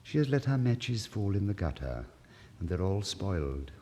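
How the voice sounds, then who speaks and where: A man voicing a gentle, sorrowful statue prince, speaking low, slow and hushed. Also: sing-song, a little hiss or hum. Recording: reverberant old vinyl studio recording.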